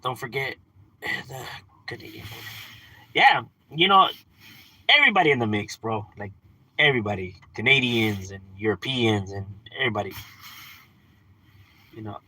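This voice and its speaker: A man's voice: mid-range voice, lively intonation, moderate pace, pauses often, sharp tone, slightly rough. A man ranting casually on a livestream, swearing, slangy and laughing often. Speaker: livestream host.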